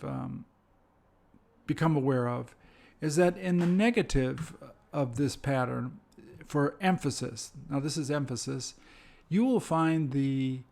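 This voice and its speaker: A man teaching an English lesson, speaking slowly and carefully and repeating example phrases. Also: on the high side, gravelly, darkish tone. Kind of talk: slow, deliberate language lesson.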